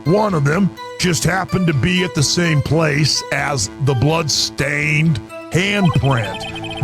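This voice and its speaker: A man voicing a laid-back cowboy detective through a voice modulator that deepens his gravelly voice. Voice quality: gravelly, rough. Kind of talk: let's play character voice.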